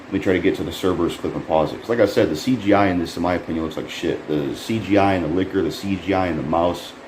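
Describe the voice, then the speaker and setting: A man casually reviewing a trailer, rambling and frustrated, swearing often and jumping up in pitch when he can't believe what he sees. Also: fast talker, a little mellow. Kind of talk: casual profane commentary. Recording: echoey room with faint air conditioning hum.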